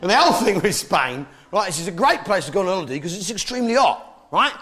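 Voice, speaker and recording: A man's voice: high voice, sing-song, quick pace. An English man doing a stand-up set, brash and mocking as he banters with the audience. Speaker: stand-up comedian. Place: comedy venue on stage. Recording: live show with loud audience laughter.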